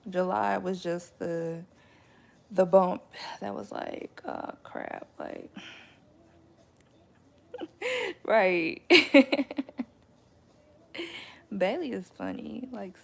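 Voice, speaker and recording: A young woman, a mother, casually telling her viewers a story in a chatty, animated way, often laughing and jumping up high when she quotes. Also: gravelly. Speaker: vlogger and mother.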